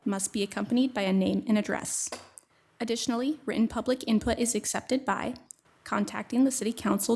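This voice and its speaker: A woman's voice: mid-range voice, vocal fry, husky. A woman clerk reading meeting procedures and a roll call in a formal, scripted way. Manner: formal, scripted, even delivery.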